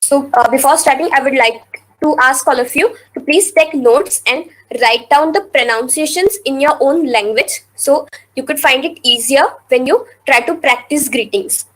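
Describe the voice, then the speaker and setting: Woman, Indian English accent, high voice, patient online teacher repeating words for students. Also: a bit bright, rough recording. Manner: slow, careful pronunciation with repeated words. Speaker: language teacher. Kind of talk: online teaching over screen share.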